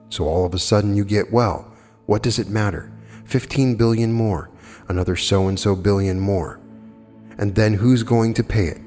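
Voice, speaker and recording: A man with a low, slightly mellow voice gives a plainspoken lecture, arguing his points through rhetorical questions and taking questions from the audience. It's an old archive recording with long hall reverb and faint music.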